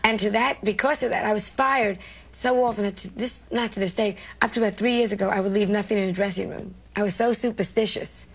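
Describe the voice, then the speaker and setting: On television, a comedian guest from New York recounts memories as an animated storyteller, performing each quoted line. She is a fast talker with a mid-range voice that sounds gravelly and husky.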